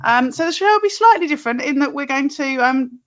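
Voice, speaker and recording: A woman hosting a podcast interview, talking quickly and chattily with frequent laughs. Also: high-pitched, lively intonation, fairly bright tone, lo-fi sound. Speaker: podcast host.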